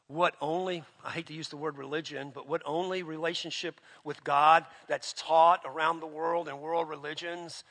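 A man preaching a sermon with passion, dropping to a hush and then rising to shouts. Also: on the high side, big-room sound. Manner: impassioned, swings from hushed to shouting.

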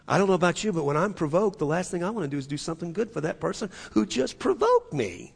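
A male pastor preaching a sermon in a church, swinging from loud, emphatic passages to near-hushed ones. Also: high-pitched, big pitch swings, fast, gravelly, few pauses, slightly rough, long reverb tail.

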